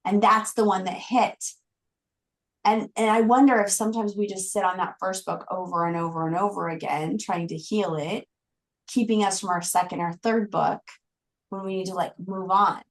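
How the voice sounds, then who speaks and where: A woman's voice: mid-range voice, fairly even intonation, normal speed, rough recording. A woman co-hosting a podcast, musing thoughtfully in casual chat. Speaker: podcast co-host.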